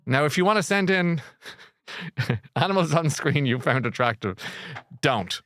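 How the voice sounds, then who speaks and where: A man's voice: on the high side, expressive, a little slow, fairly bright tone, no room sound, clean studio sound. A middle-aged man hosting a book show, rambling and jokey with lots of fillers and restarts. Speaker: radio book show host. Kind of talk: casual chat.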